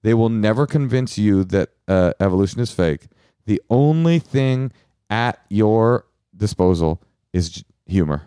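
Male podcast co-host, low pitched and lively, comedic banter. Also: measured pace, clear, resonant tone, no echo, clean studio sound. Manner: animated, jokey, trails off and restarts. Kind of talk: casual comedic chat.

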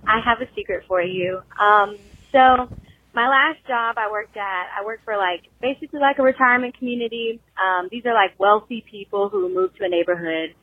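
A young woman leaving a chatty, rambling voicemail as a caller, full of fillers. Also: medium pitch. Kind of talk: voicemail confession. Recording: tinny phone line.

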